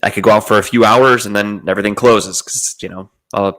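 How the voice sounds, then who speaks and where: A man's voice: lowish voice, fairly even intonation, fairly quick, fairly bright tone, low-quality recording. Profane, rambling man telling stories. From United States. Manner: profane, rambling, laid-back. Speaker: podcast host. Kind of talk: casual storytelling monologue.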